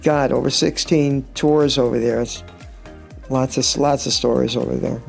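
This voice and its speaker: A man's voice: mid-range voice, fairly even intonation, moderate pace, gravelly, faint music behind. A middle-aged man, a touring guitarist, chatting casually in an interview and telling rambling stories with wry humor. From United States.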